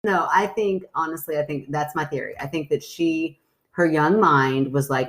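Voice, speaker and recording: A woman's voice: low-pitched, normal speed. A woman co-hosting a podcast as the skeptic, chatting casually in a blunt, teasing way.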